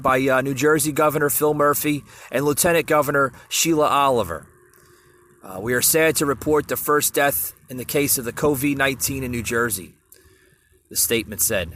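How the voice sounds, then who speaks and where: Slight background noise accompanies a man's medium-pitched, fairly bright voice as he runs a solo podcast. His news commentary is casual and rambling, packed with fillers and restarts, and aimed squarely at his listeners.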